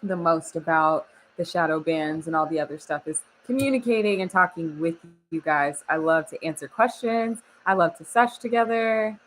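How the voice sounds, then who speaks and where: A woman's voice: lowish voice, moderate pace, hardly any pauses, a little hiss or hum, rough recording. A young woman from Oklahoma chatting casually on a live stream, laughing often and reading the chat aloud. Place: home studio.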